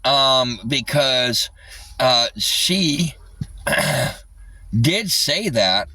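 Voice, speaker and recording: A man's voice: medium pitch, animated, very slow, pushed and bright. A man livestreaming an agitated rant, swearing constantly, with his voice a little distant from the mic.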